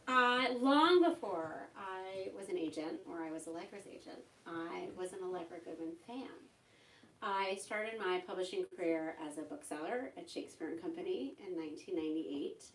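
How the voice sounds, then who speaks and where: A woman literary agent hosting an onstage talk at a bookstore, chatty and excited, with plenty of fillers. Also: medium pitch. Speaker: literary agent, event host. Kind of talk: conversational onstage interview. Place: bookstore event room. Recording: roomy hall sound, distant mic.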